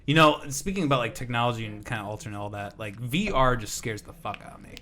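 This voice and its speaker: A man's voice: medium pitch, fast talker, sharp tone. A young man hosting a casual podcast chat, laid-back and swearing freely. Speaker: podcast host.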